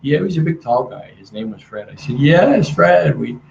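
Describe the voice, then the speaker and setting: A man's voice: medium pitch, fast, gravelly, dull audio, slight background noise. A middle-aged man giving a sales training webinar from a hotel room, talking energetically and acting out customer dialogue. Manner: energetic, acts out quoted dialogue.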